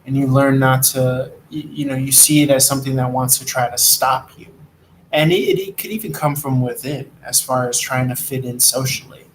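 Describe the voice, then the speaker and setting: A man's voice: mid-range voice, steady tone, moderate pace, poor audio. A man giving a rambling, profane, streetwise spiritual monologue while riding an e-scooter in traffic. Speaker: tarot reader and delivery rider.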